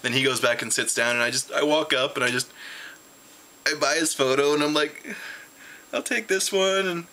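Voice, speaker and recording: A tired man at home, rambling excitedly through a casual convention recap with lots of restarts. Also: brisk. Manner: jumps high in pitch when retelling his reactions. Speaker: vlogger reviewing a convention.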